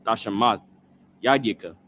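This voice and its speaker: A man reading scripture aloud slowly, sounding out each word in pieces and repeating after a prompter. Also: on the low side, a bit bright, a little hiss or hum. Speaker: scripture reader.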